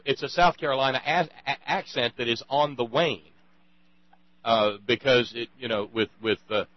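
A man's voice: mid-range voice, no echo, muffled recording. A man hosting a talk conversation, rambling and emphatic, with many restarts. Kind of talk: casual radio conversation.

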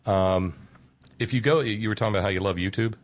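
A man in a casual radio conversation, explaining in long stretches and drawing out words he wants to stress. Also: fairly low pitch. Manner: explanatory, drawn-out emphasis on key words.

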